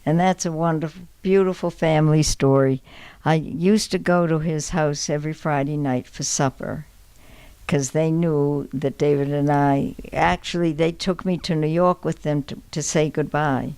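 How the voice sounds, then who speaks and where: An older woman telling stories from her life in an interview, halting, with many restarts and pauses, and laughing as she recalls them. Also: deep voice, steady tone, darkish tone, smooth. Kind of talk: reminiscing storytelling.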